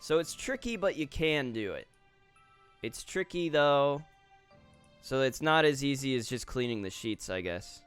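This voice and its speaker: A man's voice: medium pitch, expressive, a little slow, a bit bright, clear, resonant tone. Casual male streamer reacting offhand. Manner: reactive, reads posts aloud and comments offhand. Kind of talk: casual live-stream commentary. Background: faint guitar music.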